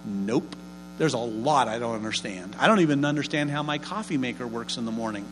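A man preaching a sermon as pastor, lively, asking and answering his own questions and dropping homely, humorous asides. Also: medium pitch, brisk, slight background noise, poor audio.

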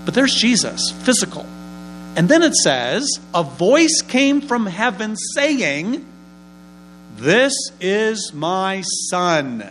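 A higher-pitched man preaches with energy, firing off questions to the congregation and answering them himself. He slips in light, homely jokes between points, and a faint electrical hum sits under his voice. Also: poor audio. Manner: lively, asks and answers his own questions; homely humorous asides. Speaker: pastor. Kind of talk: sermon.

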